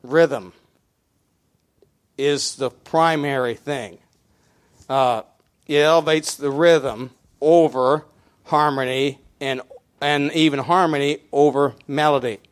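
A middle-aged pastor preaches in a loose, conversational way, full of fillers and restarts. He counts out beats aloud as he goes. His voice sits a little high for a man. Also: steady tone, takes it slowly, pauses often, smooth. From Mennonite community. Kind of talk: sermon.

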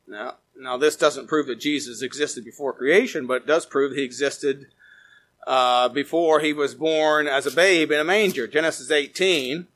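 Emphatic preaching man, higher voice. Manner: preaching, reading scripture aloud with emphatic rises and quiet drops. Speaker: pastor. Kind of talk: sermon.

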